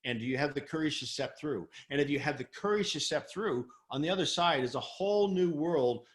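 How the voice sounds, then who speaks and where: A middle-aged man, a performance coach, telling a story in a podcast interview, animated and acting out quoted voices. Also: fairly high pitch, fairly quick. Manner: animated, acts out quoted voices, laughs often.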